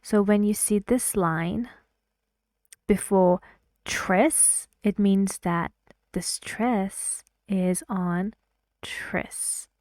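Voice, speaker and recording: Woman teaching english pronunciation, persian is her first language, soft mellow voice, slow and careful, dry close sound. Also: mid-range voice, dry recording. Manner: slow, deliberate, repeats words for learners. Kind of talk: online lesson walkthrough.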